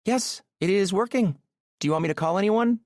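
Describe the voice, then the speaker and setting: A man's voice: sits high, brisk, darkish tone, no echo, studio quality, voice pushed up, natural voice. A male narrator voicing a refined, proud young Italian woman with a rich, silky voice in an audiobook. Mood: helpful. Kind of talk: audiobook character voice.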